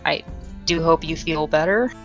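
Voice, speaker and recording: A woman with a slightly low voice runs the table as game master. She talks in a loose, chatty way and laughs easily. Quiet music plays under her voice. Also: normal speed. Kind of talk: casual post-game chat.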